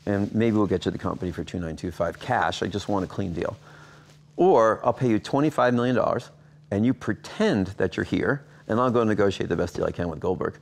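A man's voice: quick pace, vocal fry, few pauses. A man in his sixties, an interview guest, telling business stories and acting out the dialogue with big jumps in his voice. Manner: animated anecdotes, acting out quoted dialogue with big jumps in pitch. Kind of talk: storytelling in a sit-down interview.

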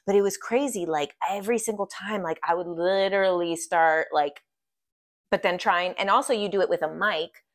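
A woman's voice: lowish voice, moderate pace. A woman telling a story in a chatty, casual way, full of "like" fillers.

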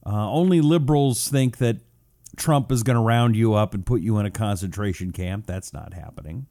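A man's voice: fairly low pitch, normal speed, warm tone, dry recording, clean studio sound. A man from Washington State hosting a talk show, chatting loosely, greeting listeners and drawing out words for effect. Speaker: radio talk show host. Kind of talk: casual talk show monologue, reading out audience messages.

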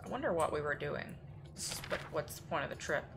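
A woman's voice: low-pitched, lively intonation, quick pace, noisy background. A woman streaming a horror game live, reading notes aloud and reacting with sudden exclamations.

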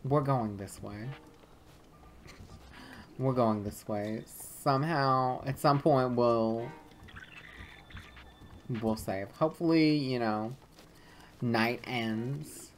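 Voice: medium pitch, very slow, long pauses, a little hiss or hum. A let's play gamer giving casual gameplay commentary, swearing often and muttering irritably at the game.

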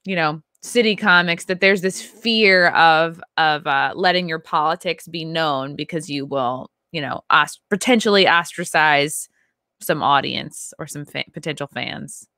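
A woman's voice: deep voice, a little slow, pushed and bright, no echo, studio quality. A woman hosting a podcast, asking chatty follow-up questions and laughing often. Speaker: podcast host. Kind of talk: casual podcast interview.

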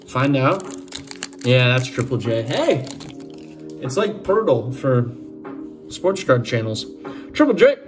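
Chatty Boston-accented man opening card packs. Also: a little high. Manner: chatty, joking, talks to viewers as folks. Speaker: sports card channel host. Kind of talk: casual pack-opening commentary.

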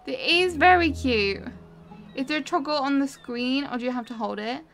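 A woman's voice: high voice, moderate pace, gravelly, fairly bright tone, soft background music. A woman live-streaming a cozy game, giggly and chatty as she talks to her chat.

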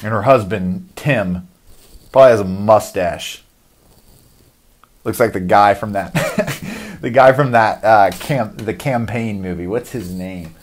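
A man's voice: lowish voice, slow. A young man delivering a rambling, profane comedic rant as a podcast host.

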